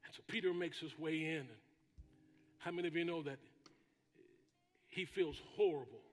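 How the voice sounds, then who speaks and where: A man preaching a sermon as pastor, with dramatic pauses and bursts of shouting. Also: on the high side, in a large hall. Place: church sanctuary.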